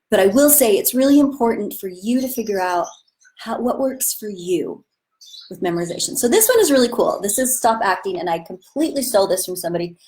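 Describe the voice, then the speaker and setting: A woman's voice: medium pitch, darkish tone. Chatty, enthusiastic woman acting teacher. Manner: enthusiastic, chatty, demonstrates with sudden bursts. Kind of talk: live-streamed acting lesson. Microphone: webcam or phone on a live stream.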